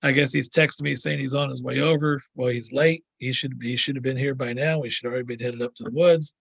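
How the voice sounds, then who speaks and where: Husky gravelly older man telling stories. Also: medium pitch, fairly even intonation, fast, fairly bright tone, dry recording. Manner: rambling storyteller, repeats words, acts out quoted dialogue. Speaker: guest sharing encounter stories. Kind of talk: casual storytelling.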